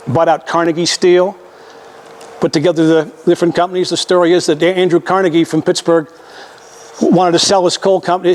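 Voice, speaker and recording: An older man giving a folksy, conversational public history lecture to an audience, with many restarts and repetitions. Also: a little high.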